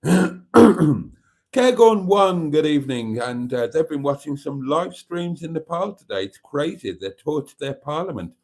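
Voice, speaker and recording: A man's voice: on the high side, lively intonation, moderate pace, hardly any pauses, darkish tone. A man hosting a casual live stream, chatting and reading viewer comments aloud.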